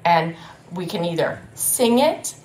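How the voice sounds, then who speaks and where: A woman leads a library storytime for small children in a lively, sing-song manner. She speaks slowly, drawing out each word. The room around her rings with echo. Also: on the low side. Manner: animated, sing-song, addresses children and grown-ups. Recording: roomy echo.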